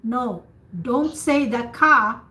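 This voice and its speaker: A woman tutor leading an online speaking practice class, patiently repeating words slowly to model pronunciation over a video call. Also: fairly high pitch, pushed and bright. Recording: echoey room with faint noise, video call.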